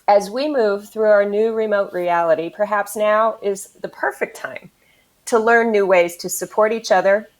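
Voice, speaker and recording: A woman hosting an online event, reading a scripted introduction with a few fillers over a video call. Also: fairly high pitch. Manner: reads the introduction with some fillers. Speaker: event host.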